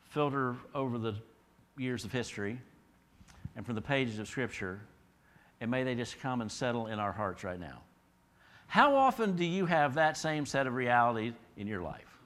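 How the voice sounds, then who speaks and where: A middle-aged male pastor delivering an expository sermon at a mid-range pitch. His preaching is conversational, with rhetorical questions put to the congregation. His delivery rises to emphatic peaks and then drops low and quiet. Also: lively intonation, moderate pace.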